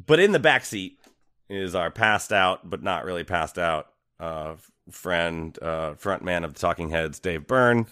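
A man's voice: low-pitched, lively intonation, a little slow, bright, forceful tone, clean tone. A man co-hosting a casual podcast, recapping a video game in a rambling, hesitant way with many ums. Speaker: podcast host narrating a game playthrough. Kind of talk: casual chat.

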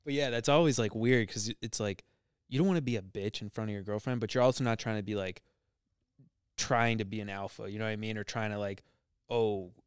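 Young male podcast host, smooth clear voice, teasing, profane storyteller, dry close mic. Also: on the low side, quick pace, no echo. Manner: joking and profane, retells with quoted lines. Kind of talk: casual chat.

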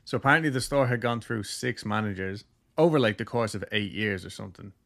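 A man's voice: fairly low pitch, fast, vocal fry, a bit bright. A man hosting a podcast, casually telling a ghost story with lots of jokes and filler words. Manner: loose, jokey, heavy use of "like".

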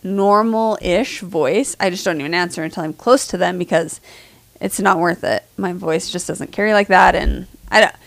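A woman in her thirties from the United States co-hosting a podcast, chatting casually with a soft voice that doesn't carry and laughing often. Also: lowish voice, moderate pace, gravelly. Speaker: podcast co-host. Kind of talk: casual chat.

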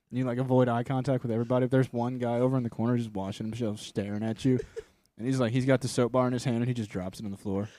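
A man's voice: mid-range voice, little pitch movement, racing, hardly any pauses, dark tone, no room sound. Dry-miked man riffing on a podcast. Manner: riffs on bits, puts on voices, laughs often. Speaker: podcast co-host. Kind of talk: casual comedic banter.

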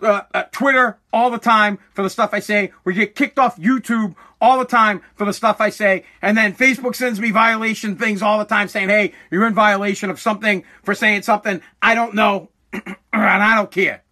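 A forty-year-old man hosting his podcast from a home basement, ranting angrily and profanely, bursting into yelling, his throat scratchy from dust. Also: high-pitched, fairly even intonation, normal speed. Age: 40s. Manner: aggravated, swearing, bursts into yelling. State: throat irritated by dust, coughing. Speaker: podcast host. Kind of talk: angry profane rant.

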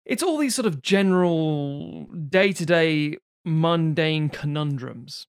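A man's voice: fairly high pitch, lively intonation, slow, clear, resonant tone, no room sound, clean studio sound. A man co-hosting a podcast, chatting casually and animatedly with many restarts and swearing. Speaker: podcast co-host. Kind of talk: casual film discussion.

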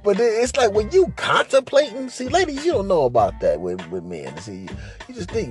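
A very high-pitched man with big pitch swings hosts a podcast at a moderate pace, telling a profane, rambling comic story full of repetition. He keeps checking in with the listener by asking "right?" Music plays faintly behind him.

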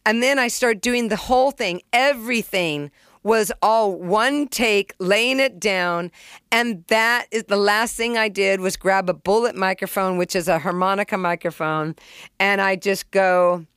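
A middle-aged woman tells her stories with an open, unguarded energy. She swears freely and acts out beats and sounds as she goes. Her voice is smooth and clear, recorded close and dry. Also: medium pitch, a little slow, a bit bright, no echo. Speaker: songwriter and producer, interview guest. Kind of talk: casual storytelling in an interview.

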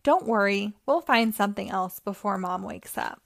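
A woman voicing Jenny, an eager, kind young girl mouse with a squeaky voice. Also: expressive, moderate pace, gravelly, a little hiss or hum.

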